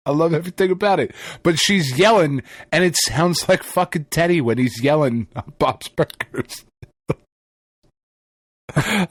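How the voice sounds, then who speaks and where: A man's voice: on the high side, lively intonation, a little slow, no echo. A man co-hosting a podcast, telling a story in casual, profane chat and laughing often. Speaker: podcast co-host.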